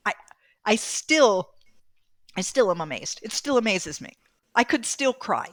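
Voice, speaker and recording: A woman author from the States talks through her story in a podcast interview, openly emotional and animated. Her voice sits in a middle register, recorded dry and close. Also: mid-range voice, a little slow, dry recording. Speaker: author and guest.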